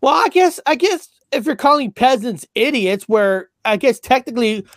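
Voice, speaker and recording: A man's voice: extremely high pitch, normal speed, fairly bright tone, no echo, clean studio sound. A man co-hosting a casual chat, reading passages aloud, stumbling over words and swearing offhand.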